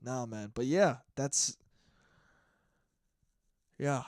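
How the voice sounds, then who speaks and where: A man's voice: mid-range voice, extremely slow, dry recording, studio quality. A man in his twenties hosting his own podcast alone, ranting in a casual, profane, rambling way. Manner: animated, profane, rambling rant. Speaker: podcast host. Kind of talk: casual solo podcast monologue.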